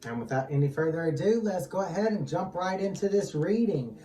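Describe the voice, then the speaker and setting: A tarot channel host leading a reading, calm and steady, repeatedly calling on guides, angels and ancestors. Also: mid-range voice, brisk. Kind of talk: tarot reading, casual chat. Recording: echoey distant mic with music underneath.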